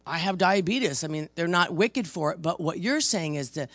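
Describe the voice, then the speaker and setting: Gravelly, emphatic preacher man, dry sound. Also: a little high, animated, normal speed, fairly bright tone, no echo, soft background music. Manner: emphatic, storytelling, frequent restarts. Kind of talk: conversational ministry teaching.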